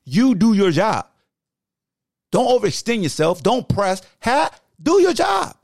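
Ranting high-voiced man in his forties. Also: huge pitch swings, a little slow, vocal fry, dry recording, studio quality. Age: 40s. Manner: loud, slangy and ranting, arguing with himself. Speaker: sports podcast host. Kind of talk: heated sports rant in an alter-ego persona.

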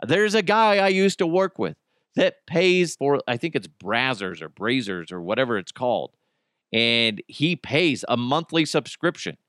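A man's voice: medium pitch, a little slow, dry recording, studio quality. A man hosting a podcast, riffing on odd news stories in a profane, joking, ranting way. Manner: profane, joking, animated rants. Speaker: podcast host. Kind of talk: casual comedic news commentary.

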